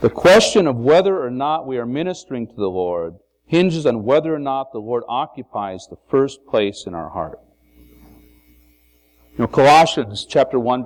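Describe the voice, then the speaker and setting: A man's voice: medium pitch, darkish tone. A man preaching an informal sermon to a congregation, in a conversational way, with many asides and rhetorical questions. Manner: conversational, frequent "you know" and restarts, rhetorical questions. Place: meeting hall with a congregation.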